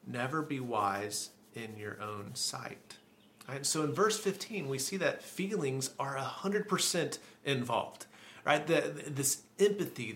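A man pastor preaching a sermon in a conversational way, often repeating a word as he restarts a phrase and slowing down to stress key points. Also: medium pitch, fairly bright tone, a little hiss or hum.

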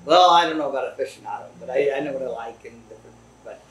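A laid-back man chats about whiskey at a distillery, agreeable and a little halting. His mid-range voice carries a roomy echo and sits slightly away from the mic. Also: mid-range voice, fairly bright tone. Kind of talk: casual tasting chat. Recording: roomy, from a distance.

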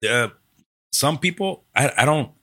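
Speaking at a medium pitch and an unhurried pace, this man owns a Muay Thai gym and coaches fighters. On a casual podcast he tells stories with animation, swears freely, and acts out the exchanges he quotes.

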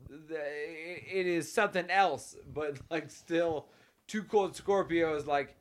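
A man's voice: on the high side, slow. A man co-hosting a podcast, chatting casually in a laid-back, profane, rambling way. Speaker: podcast co-host. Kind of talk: casual chat.

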